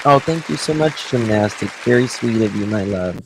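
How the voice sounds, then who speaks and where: A man's voice: lowish voice, expressive, moderate pace, vocal fry, a crowd in the background, noisy background. A man from the South, hosting a casual livestream, chatting and thanking viewers by name, sounding tired. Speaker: livestream host.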